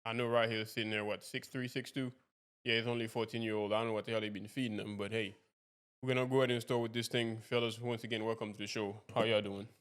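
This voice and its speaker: A man's voice: fairly low pitch, little pitch movement, fast talker, fairly bright tone, smooth. A man hosting a podcast interview, asking long rambling questions that loop back and restart. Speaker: podcast host. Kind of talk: casual interview.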